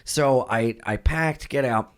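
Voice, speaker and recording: A man who is a comedian guest on a studio podcast, telling a story in an animated, profane way and quick to flare up. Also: medium pitch.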